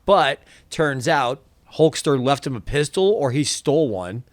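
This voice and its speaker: A man's voice: medium pitch, expressive, unhurried, no echo. A man, a podcast co-host, making sarcastic, profane wisecracks in casual chat about a movie.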